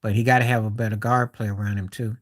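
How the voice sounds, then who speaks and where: Quick-paced and level, a man with a fairly low voice talks basketball on his live stream. The conversation is loose, with sentences that fade and restart and remarks of disbelief tossed in.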